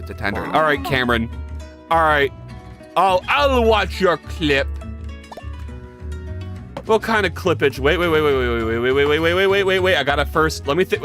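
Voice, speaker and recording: A game developer chatting casually on a livestream, excitable and self-deprecating, who swears freely and greets viewers by name. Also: medium pitch, normal speed, long pauses, faint music behind.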